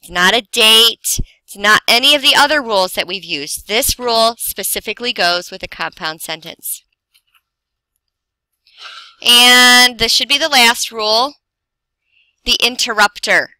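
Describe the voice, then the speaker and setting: A woman teaching a grammar lesson, explaining slowly and deliberately with pauses for emphasis. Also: a little high, sharp tone, no room sound, rough recording. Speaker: English teacher.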